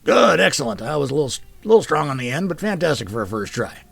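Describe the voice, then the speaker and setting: A man's voice: on the high side, big pitch swings, quick pace, gravelly, fairly bright tone, slightly rough, voice pushed up, exaggerated voice. A man voicing a patient older brother, a soldier, who explains pronunciation like a tutor. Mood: patient, teaching.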